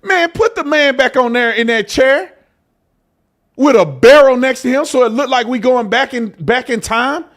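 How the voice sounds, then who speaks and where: A man hosting a live news commentary show, animated and joking, talking straight to his viewers. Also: very high voice, normal speed.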